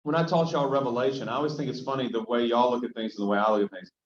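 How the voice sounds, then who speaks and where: A male pastor leading a casual Bible study in an echoing church hall, with a middle-pitched voice. He talks conversationally and keeps checking in with the group. The recording is slightly dull and lo-fi. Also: steady tone, rapid-fire. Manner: conversational, often checks in with the room. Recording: roomy, dull lo-fi room sound.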